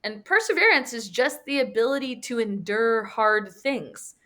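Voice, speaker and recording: A woman's voice: fairly high pitch, normal speed. A woman teaching a Bible study, telling stories and acting out the people she quotes. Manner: animated storyteller, acts out quotes, laughs often. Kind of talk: conversational Bible teaching with storytelling.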